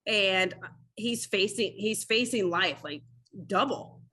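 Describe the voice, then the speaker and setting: A woman guest on a podcast interview, a former public defender, telling stories in a lively, animated way and acting out quoted lines. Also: mid-range voice, takes it slowly. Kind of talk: casual interview storytelling.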